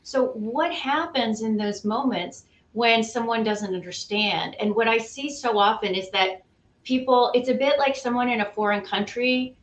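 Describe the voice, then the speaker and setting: A woman's voice: on the high side, normal speed, reverberant, dull audio. A woman guest, a CEO and author, talking through her ideas in an interview, articulate and emphatic, building her points in lists. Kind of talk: conversational interview.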